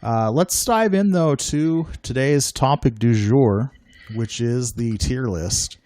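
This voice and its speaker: A man's voice: medium pitch, slow pace, darkish tone, no room sound. A man hosting a casual chat show, upbeat and joking, with a self-deprecating streak. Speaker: podcast host.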